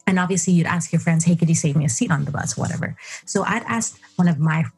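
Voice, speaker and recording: A woman's voice: lowish voice, fast talker, a little mellow, slightly rough. A young woman from South Africa hosting a podcast, animatedly telling a personal story and acting out her own thoughts. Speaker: podcast host. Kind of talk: casual storytelling.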